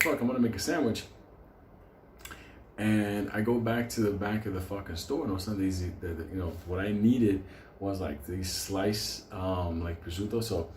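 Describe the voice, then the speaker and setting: Foul-mouthed New raconteur, mid-pitched, rambling and laughing, roomy echo with faint ambience. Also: male voice, a little mellow, slight background noise. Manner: profane, rambling, laughs through the telling. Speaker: storyteller. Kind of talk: comic storytelling.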